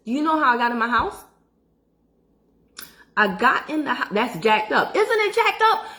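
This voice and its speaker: A middle-aged woman tells a personal story straight to her viewers. Her voice sits a little high, and her delivery is chatty and animated, with plenty of asides to the audience. She records on her phone. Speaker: credit education vlogger.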